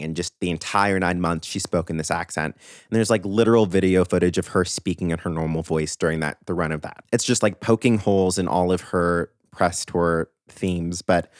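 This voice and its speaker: A young man hosting a podcast, giving animated, opinionated commentary on pop music news with emphatic asides. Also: sits low, no room sound, studio quality. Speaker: podcast host.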